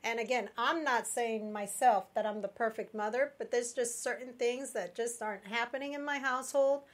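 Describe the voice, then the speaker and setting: A woman's voice: on the high side, moderate pace. A woman host with a Latina accent, speaking firmly and emphatically in casual talk-show chat. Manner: emphatic, firm, talks like a strict parent.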